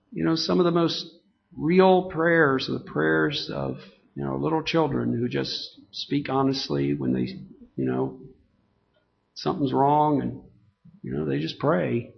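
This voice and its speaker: A man with a high voice preaches slowly and emphatically, repeating himself and wandering through fillers. The recording sounds dull and lo-fi. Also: gravelly. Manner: emphatic, repetitive, digressive with many fillers. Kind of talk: sermon.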